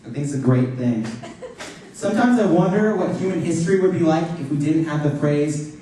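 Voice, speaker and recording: A man's voice: a little high, fairly quick, warm tone, slight background noise. Young man riffing casually on stage. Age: young adult. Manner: casual, dude-speak riffing. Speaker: student stand-up comic. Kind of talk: stand-up comedy. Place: large university hall, live audience. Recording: echoey hall, distant mic.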